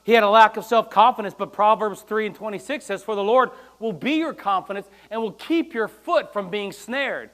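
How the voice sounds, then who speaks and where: A man pastor from the United States preaching a sermon, animated and acting out quoted lines with loud bursts. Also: high-pitched, normal speed, few pauses. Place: church.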